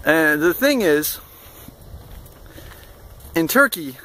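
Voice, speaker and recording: Young vlogger, fairly high and bright voice, rambling casual storyteller. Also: male voice, big pitch swings, very slow. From United States. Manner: rambling, full of fillers and restarts, amused.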